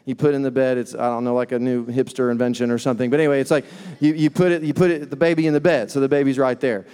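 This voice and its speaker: A man's voice: medium pitch, fast talker, clean tone. A man in his thirties preaching, telling a funny family story and laughing at himself. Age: 30s. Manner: lively storyteller, laughs at himself, acts out quotes. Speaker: pastor. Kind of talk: sermon with humorous personal story. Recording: long reverb of a large hall.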